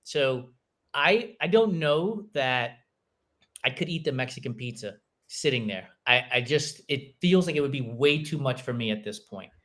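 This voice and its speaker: A man's voice: mid-range voice, moderate pace. A man hosting a podcast, who grew up in New York City, chatting casually and telling stories with frequent laughter. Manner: laughs often, relaxed storytelling. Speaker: podcast host. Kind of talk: casual chat.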